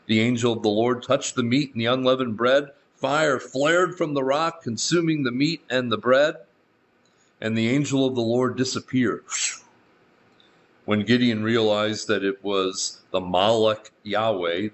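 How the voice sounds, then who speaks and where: Reading scripture verse by verse, a male pastor offers his own commentary with dry asides in between. He has a lowish voice, and the recording's high frequencies are cut off.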